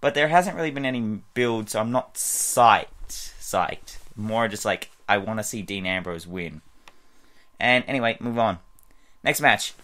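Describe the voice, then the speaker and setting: A man's voice: lowish voice, normal speed, a bit bright. A man casually talking through his wrestling predictions in a video blog, rambling with lots of fillers and restarts. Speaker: wrestling fan vlogger.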